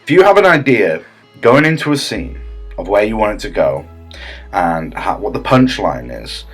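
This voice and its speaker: A man's voice: on the low side, big pitch swings, moderate pace, husky, faint music behind. A man delivering a comedy monologue as a smug, self-important improv teacher, rambling with many fillers and restarts.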